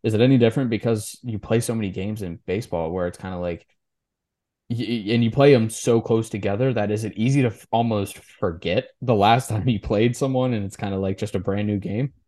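Casual sports podcast co-host, male, lowish voice, stumbles and restarts a lot. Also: mellow. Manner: halting, with many restarts and repeated words.

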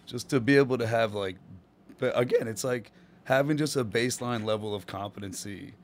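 A man's voice: mid-range voice, brisk, slight background noise. A man, a stand-up comedian telling stories in a casual podcast chat, laid-back and full of slang, laughing often. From Rhode Island.

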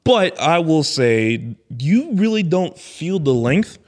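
A man's voice: a little high, big pitch swings, slow pace, a little mellow. A man co-hosting a podcast, telling a movie story in casual chat, laughing and acting out quotes. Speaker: podcast co-host.

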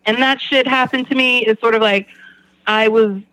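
Bright-voiced man talking candidly. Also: very high-pitched, fairly even intonation, normal speed, low-quality recording. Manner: rambling, candid, swears. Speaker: guest in recovery. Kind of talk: candid conversation.

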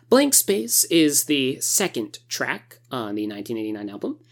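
A woman co-hosting a casual podcast, playful, reading facts and breaking into squealing cheers. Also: a bass voice. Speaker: podcast co-host.

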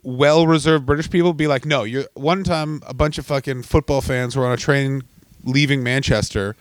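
A man's voice: medium pitch, normal speed, no echo. A man co-hosting a comedy podcast, chatting casually, swearing a lot and slipping into mocking voices. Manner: profane, animated, slips into mocking impressions. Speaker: podcast co-host.

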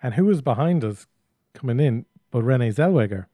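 Male co-host, mid pitch, warm mellow tone, relaxed anecdotal delivery, dry close mic. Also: fairly quick, dry recording. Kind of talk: casual chat, storytelling.

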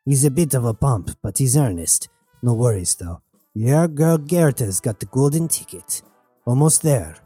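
A man's voice: mid-range voice, lively intonation, measured pace, warm tone, slightly rough, no echo, faint music behind. A man voicing a breezy, confident female crew member in a radio drama, talking casually over a comm channel.

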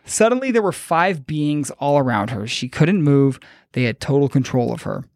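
A man with a slightly high voice telling a story on a casual podcast. His delivery is loose and profane, and he jokes as he goes. The recording sounds dry and close, with no room echo. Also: expressive, normal speed, darkish tone. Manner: loose, profane, joking retelling. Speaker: podcast host.

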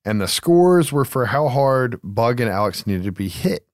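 A man's voice: mid-range voice, big pitch swings, moderate pace, no room sound, studio quality. A man co-hosting a casual movie recap, loose and profane, laughing easily. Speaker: podcast co-host.

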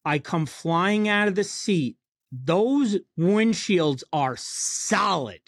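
High-pitched man swapping work stories. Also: expressive, slow, no room sound, clean studio sound. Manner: profane, storytelling, blue-collar banter. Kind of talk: casual chat.

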